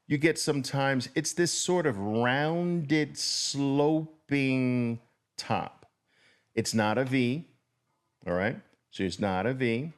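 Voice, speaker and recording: A man teaching a trading lesson, drawing as he explains and checking in with the viewer. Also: medium pitch. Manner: deliberate, drawing while explaining, repeats and checks in with "okay?". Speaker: trading instructor.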